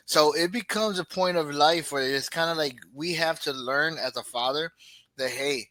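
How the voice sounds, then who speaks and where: Bright, dry-voiced middle-aged man chatting. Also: a little high, normal speed, no room sound. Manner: animated storytelling, acts out family quotes. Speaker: podcast co-host. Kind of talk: casual chat.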